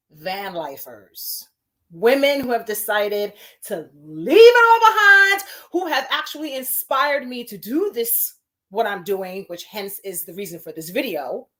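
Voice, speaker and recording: A woman hosting her first livestream from home, talking in an excited, nervous and giggly way with lots of exclamations. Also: mid-range voice. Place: home in Paris.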